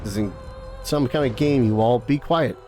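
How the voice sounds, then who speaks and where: A man's voice: mid-range voice, normal speed, darkish tone, soft background music, close to an everyday voice. A man doing a curt, grumpy village guy. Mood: irritable.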